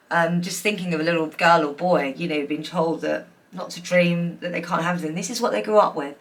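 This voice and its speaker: A woman's voice: fairly low pitch, steady tone, brisk. A woman giving a pick-a-card tarot reading, emotional and gushing, with many fillers. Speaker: tarot reader.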